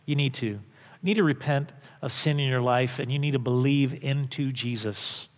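A man preaching a sermon from the pulpit, earnest and emphatic. He drives points home by repeating phrases. His mid-pitched voice rings with the long reverb of a church sanctuary. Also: moderate pace. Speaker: pastor.

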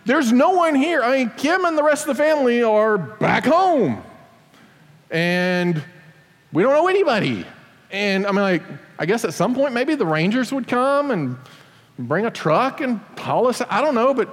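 Man, middle-aged, high-pitched, animated storyteller, self-deprecating, long hall reverb. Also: measured pace. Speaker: father telling a personal story. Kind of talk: storytelling to an audience.

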